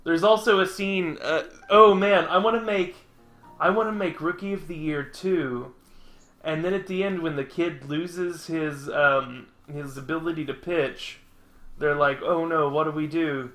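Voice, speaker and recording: A man's voice: a little high, unhurried, a bit bright, soft background music. A young man streaming a game, telling a long rambling story full of fillers and laughter. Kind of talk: casual gameplay chat. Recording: echoey room.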